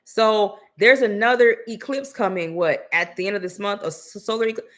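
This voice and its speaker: A woman's voice: mid-range voice, normal speed, fairly bright tone. Sassy, blunt woman co-hosting a podcast. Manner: blunt, sassy, slangy, profane. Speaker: podcast co-host. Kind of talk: casual commentary chat.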